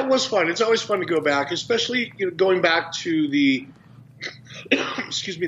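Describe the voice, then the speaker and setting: A man being interviewed as a guest, talking in a measured, businesslike way over a phone line. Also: on the high side, a bit bright, a little hiss or hum. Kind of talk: casual interview.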